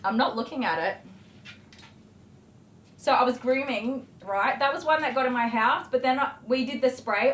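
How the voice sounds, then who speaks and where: Middle-aged Australian groomer, lively and laughing as she chats, a touch high, recorded in an echoey workroom. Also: normal speed, long pauses. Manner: animated, laughing, acts out voices in anecdotes. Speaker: dog groomer livestream host. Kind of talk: chatty livestream storytelling while working. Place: indoor grooming room. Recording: roomy echo, faint clipper noise. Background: electric clipper buzz.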